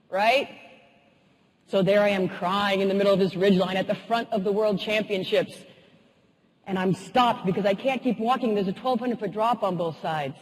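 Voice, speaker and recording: Woman motivational speaker, keynote storyteller, animated and funny, husky voice, long hall reverb. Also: mid-range voice. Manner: lively, humorous, animated.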